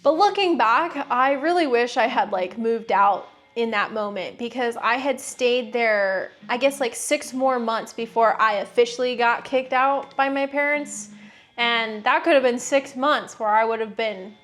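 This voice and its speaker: A woman's voice: a little high, moderate pace, a bit bright. A woman, candidly telling a personal story on her vlog in a frank, sarcastic way, swearing freely. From United States. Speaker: vlogger.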